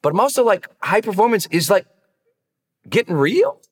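A man talking as a high performance coach in a motivational podcast, earnest and direct, challenging listeners with warm asides. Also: very animated, moderate pace, slightly rough, big-room sound.

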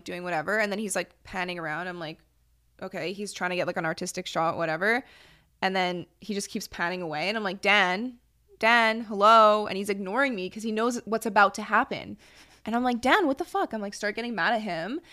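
A young woman co-hosting a podcast, chatting casually and acting out the people in her stories. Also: medium pitch. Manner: animated storyteller, acts out quotes. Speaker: podcast co-host. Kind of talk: casual chat.

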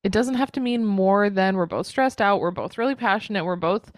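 A woman's voice: medium pitch, fairly quick, dry recording, studio quality. A woman co-hosting a podcast, speaking frankly and reassuringly in casual chat, with a mild swear here and there. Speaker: astrology podcast co-host.

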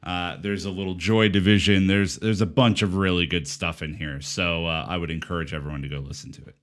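A man with a very deep voice, co-hosting a relaxed podcast recap. He gushes over what he likes and piles on praise. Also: fairly quick. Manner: enthusiastic, effusive praise. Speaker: podcast co-host.

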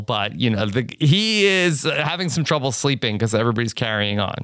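Man, casual recap chat, sarcastic, smooth voice, lively pitch. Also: quick pace, few pauses, dry recording, studio quality. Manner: sarcastic, mock-exasperated asides. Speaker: podcast host.

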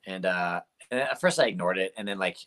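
Brisk and low-voiced with a fairly bright tone, this young comedian guest rambles through stories from his shows in a laid-back interview, leaning heavily on "like" and fillers.

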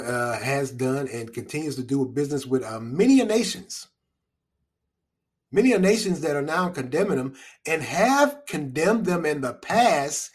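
A man's voice: a little high, slightly rough. A man giving solo spoken commentary in a conversational, rambling way, with restarts and wry chuckles.

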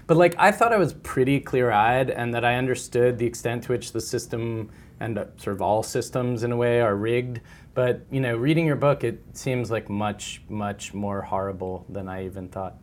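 A man with a mid-pitched voice hosts a relaxed interview. He thinks out loud and hedges his statements with casual filler words. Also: moderate pace, a little hiss or hum. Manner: reflective, hedging with many fillers. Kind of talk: casual conversation.

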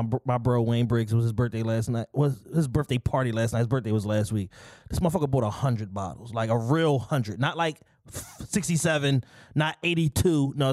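A man's voice: mid-range voice, darkish tone, dry recording, clean studio sound. An American man co-hosting a podcast, telling stories in a profane, laughing, casual way. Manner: profane, storytelling, laughs often. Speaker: podcast co-host. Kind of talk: casual chat.

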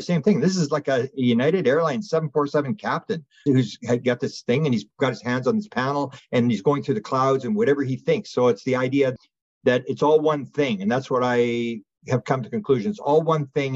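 Man, husky voice, slightly dull lo-fi audio, casual interview guest, rambling animated storytelling. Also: medium pitch. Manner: rambling, animated retelling with many restarts. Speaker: guest, UFO researcher.

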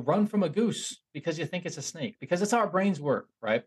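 Husky young man telling a rambling story. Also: fairly high pitch, brisk. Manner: animated, rambling, self-mocking, with frequent restarts. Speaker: podcast host. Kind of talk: casual storytelling monologue.

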